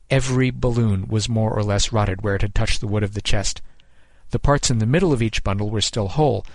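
A man giving measured, scripted narration of a short story, close on the mic. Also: on the low side, no echo.

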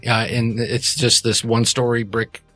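A man's voice: medium pitch, little pitch movement, normal speed, a bit bright, dry recording, soft background music. A man narrating a tabletop game as game master, rambling and correcting himself as he goes.

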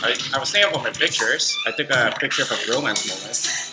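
A man's voice: mid-range voice, lively intonation, fast talker. A man joining a casual podcast chat, hesitant and unsure what to say. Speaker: podcast co-host. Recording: roomy room with loud music behind.

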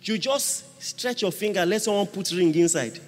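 A man preaching a sermon, emphatic, swinging from hushed asides to shouted exhortation. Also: high-pitched, expressive, moderate pace. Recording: long reverb of a large hall.

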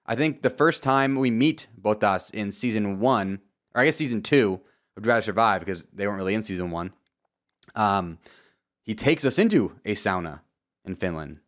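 Joking young man recapping a race. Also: on the low side. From Florida, USA. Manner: joking, animated, asides and sudden loud outbursts. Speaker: motorsport commentator. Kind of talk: casual video commentary.

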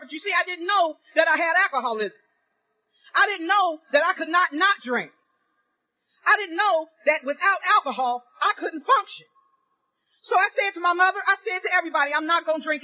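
High-voiced woman telling her story, lo-fi. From Cincinnati, Ohio, USA. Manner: lively, candid storytelling with wry humor, sometimes raising her voice. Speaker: recovery convention speaker. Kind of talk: personal recovery story told to an audience. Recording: dull lo-fi live recording.

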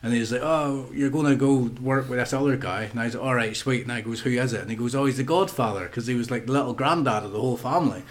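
A man's voice: mid-range voice, fast talker, hardly any pauses. A man co-hosting a casual podcast chat, blunt and sweary, laughing often and acting out quotes. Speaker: podcast co-host.

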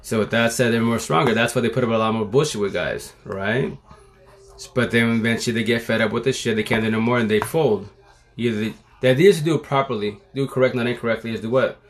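A man's voice: mid-range voice, quick pace. A man in his forties talking on a live phone stream in a casual monologue, using street slang and repeating his mottos like a sermon. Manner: streetwise slang, repetitive, preachy. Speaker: livestream host.

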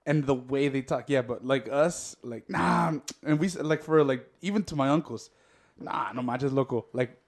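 A man in casual podcast chat, relaxed, dropping Spanish slang into his English. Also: medium pitch, normal speed, few pauses. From Sinaloa, Mexico roots, grew up in Iowa. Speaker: podcast co-host.

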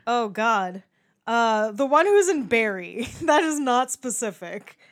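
A woman's voice: fairly high pitch, big pitch swings, slow pace. A young woman co-hosting a podcast, casually reviewing a movie, laughing often and acting out quotes. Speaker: podcast co-host.

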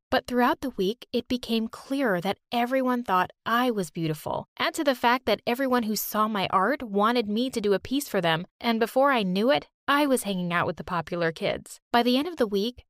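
A woman's voice: medium pitch, no room sound. Woman, first-person story narration, earnest and dramatic, dry close sound.

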